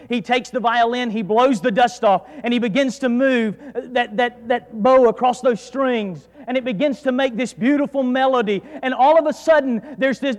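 A man with a North Georgia accent preaching a sermon as pastor, dropping to quiet asides and then rising to loud, emphatic declarations. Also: very high voice. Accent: North Georgia Southern US. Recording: preached in a reverberant hall.

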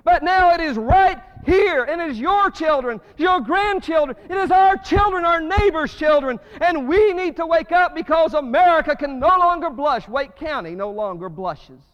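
A male pastor preaching a sermon, swinging between loud, fervent rises and hushed drops. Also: very high-pitched, animated, moderate pace, hardly any pauses. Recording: muffled reverberant church recording.

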